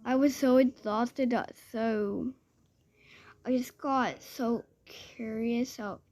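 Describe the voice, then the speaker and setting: A woman's voice: a little high, steady tone, slow pace, a little mellow. A woman telling an improvised scary story in a rambling way, quoting everyone with "I was like".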